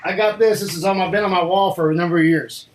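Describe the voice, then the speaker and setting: High-voiced eager male interviewer. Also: fairly even intonation, quick pace, poor audio. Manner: enthusiastic, laughs along. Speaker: host. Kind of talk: casual interview.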